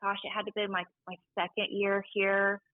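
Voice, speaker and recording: A woman who works at a library, telling a story in a chatty, animated way and acting out the people she quotes. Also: mid-range voice, normal speed, no echo. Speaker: library staff member. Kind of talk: casual storytelling interview. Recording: tinny phone-like sound.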